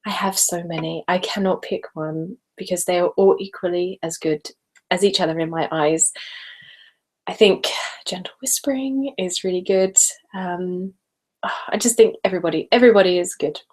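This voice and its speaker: A woman from Essex with an English accent, hosting a casual live stream. She chats and giggles while reading out viewer comments, sometimes dropping into soft whispers, and sips wine as she talks. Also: on the low side, normal speed. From Essex, England. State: sipping wine while talking. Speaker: ASMR creator hosting a live hangout.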